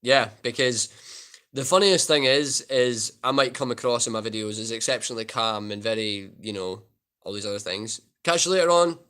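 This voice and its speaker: A man chats loosely with his live-stream viewers, rambling from one point to the next. His voice is bright and forceful. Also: medium pitch, normal speed, smooth. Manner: chatty, rambling, reads out chat. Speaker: guitar YouTuber live streamer. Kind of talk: casual live stream chat.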